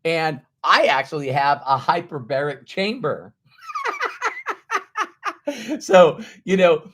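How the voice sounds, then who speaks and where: A man giving a motivational talk to an audience, acting out everyday inner voices in an animated way. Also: on the high side, a little hiss or hum. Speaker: motivational speaker.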